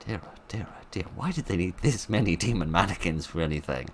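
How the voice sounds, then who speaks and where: A man's voice: sits low, animated, brisk, slight background noise. A man giving playful, wry let's play commentary with rambling asides as he plays a horror game. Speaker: gaming video host.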